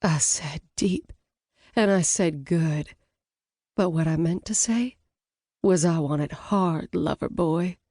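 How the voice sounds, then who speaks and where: A woman's voice: on the low side, takes it slowly, dark tone, dry recording, clean studio sound. A woman putting on a sultry scheming seductress.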